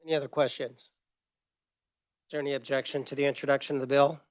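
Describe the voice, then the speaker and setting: Speaking into a table microphone in a committee room, a man chairs a legislative hearing briskly and procedurally. His voice is mid-range and his delivery flat.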